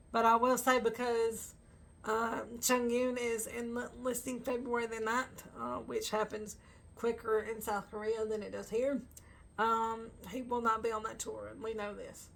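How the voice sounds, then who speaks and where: Bright, gravelly woman chatting. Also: a little high. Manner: rambling, with frequent fillers and bursts of laughter. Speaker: fan vlogger. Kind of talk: casual chat to camera.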